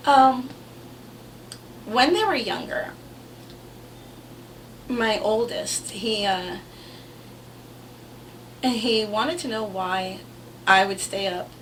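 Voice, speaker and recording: Bright-voiced woman telling blunt stories. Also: medium pitch, gravelly, distant mic, slight background noise, rough recording. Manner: blunt, swears freely, wry and animated. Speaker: vlogger telling family stories. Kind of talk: casual storytelling to camera.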